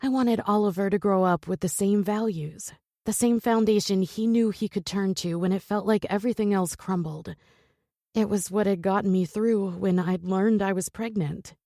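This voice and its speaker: A woman narrating a romance audiobook in a soft, earnest manner. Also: mid-range voice, moderate pace, no room sound, clean studio sound.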